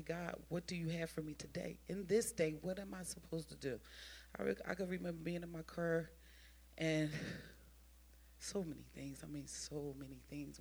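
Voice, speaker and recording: A woman giving an informal sermon, telling a personal testimony in an animated way and talking straight to the congregation, often repeating and restarting her phrases. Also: fairly low pitch. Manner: addresses the congregation directly.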